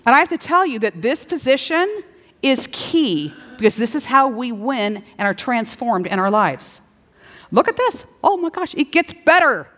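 A middle-aged woman preaching a sermon, playful and animated, slipping into little acted-out dialogues. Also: a little high, moderate pace. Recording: long hall reverb.

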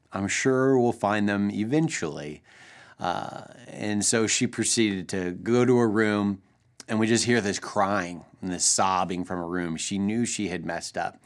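A man in his thirties, a pastor, telling a family story in an earnest, gentle way for a short devotional. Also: fairly low pitch.

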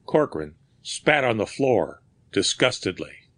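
A man narrating a mystery story in a measured, deliberate way. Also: fairly low pitch, lively intonation, fairly bright tone, dry recording. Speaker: audiobook narrator. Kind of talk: scripted narration.

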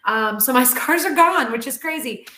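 A woman who trains dogs and animal talent, telling a story in a casual interview with animated, chatty energy and lots of "like.". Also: high-pitched, moderate pace. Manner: animated, chatty, heavy use of "like". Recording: roomy echo.

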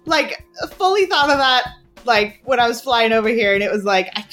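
A woman's voice: a little high, lively intonation, normal speed, a bit bright, soft background music. A woman player chatting casually, giggly and hesitant with many fillers. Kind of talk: casual chat.

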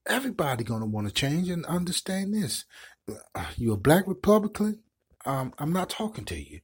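A man's voice: fairly high pitch, big pitch swings, moderate pace, slightly rough. A middle-aged man hosting an online show, giving impassioned commentary in a preachy way and repeating words as he builds his points. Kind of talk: impassioned live-stream commentary.

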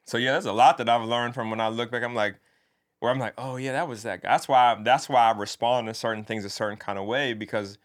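A man's voice: mid-range voice, steady tone, fast talker. A man, a podcast guest, in loose, profane casual chat about growing up.

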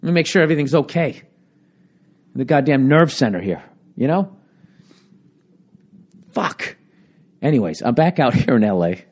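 A stand-up comic rants solo into a handheld recorder, cursing at every turn and swinging from loose chatter to heated riffs. His man's voice sits at an ordinary pitch and is still cracking a little. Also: normal speed, long pauses. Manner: profane, ranting, animated. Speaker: stand-up comedian and podcaster. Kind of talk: solo podcast monologue.

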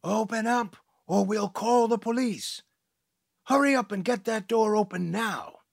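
A man voicing an angry priest who shouts demands through a bolted door, in a story reading. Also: high voice, measured pace, vocal fry, dry recording, clean studio sound, pitched above the performer's own voice, heavily acted. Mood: demanding.

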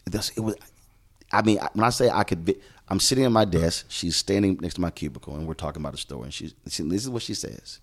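A man's voice: deep voice, quick pace. A middle-aged man, a journalist from Houston, telling stories from his career in an emphatic conversational way and acting out the dialogue he quotes. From Houston, Texas. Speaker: journalist and show host, podcast guest. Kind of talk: conversational storytelling.

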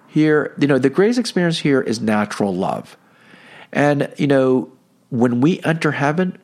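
A man's voice: mid-range voice, darkish tone. A middle-aged man giving a conversational teaching talk on Catholic faith, full of "you know" and "okay.". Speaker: Catholic speaker.

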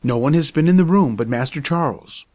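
A man's voice: a little high, lively intonation, a little fast, darkish tone. A man putting on a pompous, indignant old-fashioned doctor. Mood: insistent. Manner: stiff, indignant, lecturing. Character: pompous irritable male doctor, middle-aged.

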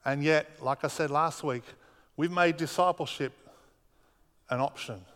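A man's voice: fairly high pitch, measured pace, fairly bright tone. A man preaching a sermon as pastor, earnest, driving home points with repetition. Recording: long reverb of a hall.

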